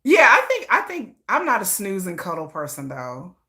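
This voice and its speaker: A woman hosting a casual livestream, chatty and high-energy, who laughs often and acts out playful scenes. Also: huge pitch swings, normal speed, bright, forceful tone. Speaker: livestream host.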